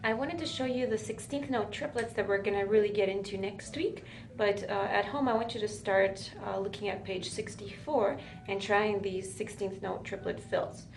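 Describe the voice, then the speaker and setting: A woman's voice: medium pitch, steady tone, moderate pace, vocal fry, slight background noise. A woman teaching a drum lesson, talking patiently and often checking with "right?". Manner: patient, counts beats aloud, says "right?" often. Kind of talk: music lesson for a student. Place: music school room with a drum kit. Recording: echoey room with loud drums. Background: drum playing.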